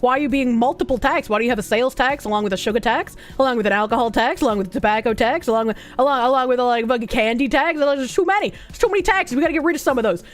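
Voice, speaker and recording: A woman with a Boston accent putting on a brash local politician ranting about taxes in a fast, thick-accented spiel. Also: fairly high pitch, close to an everyday voice. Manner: fast, heavy-accented rant.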